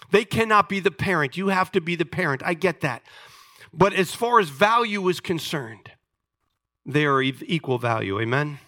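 High, bright-voiced preaching pastor. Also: male voice, dry recording, clean studio sound. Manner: emphatic preaching, calls for amens from the congregation. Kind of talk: sermon.

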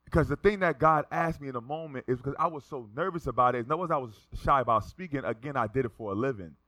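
Bright-voiced, animated male pastor. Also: medium pitch, quick pace, no room sound. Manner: animated, acts out the voices of people in his stories. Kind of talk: sermon with storytelling.

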